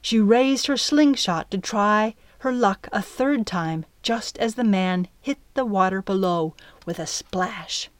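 A woman's voice: medium pitch, slow pace, few pauses, dry recording. Woman reading a story in a dry voice. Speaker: narrator. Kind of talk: scripted audiobook narration.

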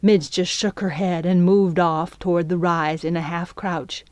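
A woman reads a storybook aloud in a measured, even manner. Her voice sits on the low side, and the recording is dry and close with no room sound. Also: no echo. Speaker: audiobook narrator. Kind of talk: scripted narration.

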